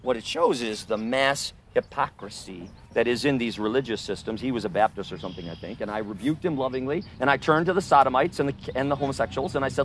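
A man preaching on the street, rebuking and arguing with a listener, his voice swinging between loud accusations and low, hushed asides. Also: fast talker, few pauses, slight background noise.

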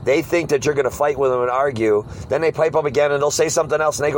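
A man's voice: on the high side, quick pace, slight background noise, low-quality recording. A man, a street preacher, leads a casual group talk and tells stories, often acting out the hecklers he meets. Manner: animated storyteller, mimics hecklers. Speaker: street preacher leading a discussion.

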